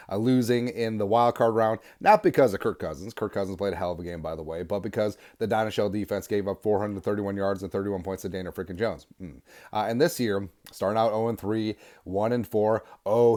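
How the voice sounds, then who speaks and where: Man, podcast host, sports fan rant, sarcastic, energetic, lowish voice. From Minnesota.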